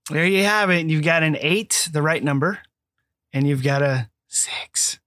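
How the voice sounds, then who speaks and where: A man's voice: a little high, measured pace, a bit bright, no echo, clean studio sound. A man with an American accent hosting a casual film-review chat. He jokes in banter and often mocks himself. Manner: joking banter, self-mocking. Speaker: podcast host.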